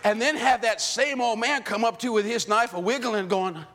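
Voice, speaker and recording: A man preaching a sermon in an animated way, firing rhetorical questions at the congregation. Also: extremely high pitch, normal speed, a crowd in the background, noisy background. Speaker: pastor.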